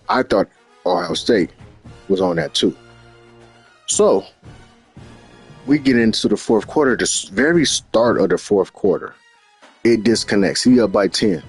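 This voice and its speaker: A man with a low voice tells a loose, animated story about his games. He curses freely and circles back over the same words. Faint music sits under him. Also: a little slow, gravelly, long pauses, slightly rough. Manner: animated, profane, repeats himself. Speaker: gaming channel host. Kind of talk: casual storytelling recap.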